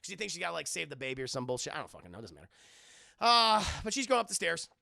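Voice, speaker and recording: A man's voice: on the high side, very animated, fast talker, creaky, bright, forceful tone, no room sound, clean studio sound. A young man streamer casually recapping a horror film for his chat, rambling with lots of fillers and swearing. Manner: rambling, hesitant, swears often. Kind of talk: casual profane movie recap.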